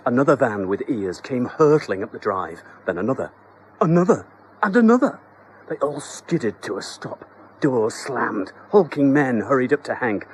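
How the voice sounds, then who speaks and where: A man narrating a children's story in a scripted, expressive, comic storytelling manner. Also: mid-range voice, moderate pace, a little hiss or hum, poor audio.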